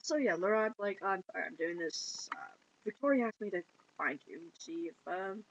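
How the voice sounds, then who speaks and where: A woman retelling a film plot in casual chat, giggling and slipping into quick put-on voices for the characters. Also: mid-range voice, expressive, muffled recording, slight background noise. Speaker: movie reviewer.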